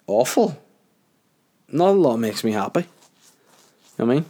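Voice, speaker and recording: A man's voice: mid-range voice, very animated, moderate pace, dark tone. Crude rambling man. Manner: crude, rambling, swears heavily. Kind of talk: comedic monologue.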